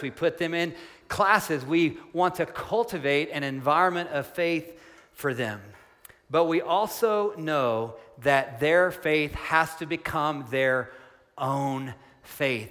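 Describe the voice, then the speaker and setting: A middle-aged male pastor preaching a sermon, earnestly, slowing down for emphasis and speeding up in excited asides. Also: a little high. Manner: earnest, shifts between soft slow emphasis and quick excited asides. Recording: long hall reverb.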